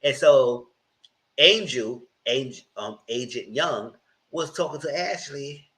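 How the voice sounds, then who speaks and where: A man's voice: mid-range voice, expressive, slow, fairly bright tone, low-quality recording. A man giving a casual TV episode recap, retelling scenes animatedly with frequent restarts. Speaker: TV reviewer.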